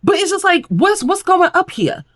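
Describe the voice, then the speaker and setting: A woman's voice: very high-pitched, big pitch swings, normal speed, a bit bright. A woman hosting a reality TV recap, retelling scenes in a casual, opinionated way and acting out the quoted lines.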